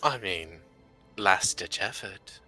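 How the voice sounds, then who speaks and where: A man playing in a live-streamed tabletop role-play, jokey and quick to laugh. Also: low-pitched, animated, pushed and bright, soft background music. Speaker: player.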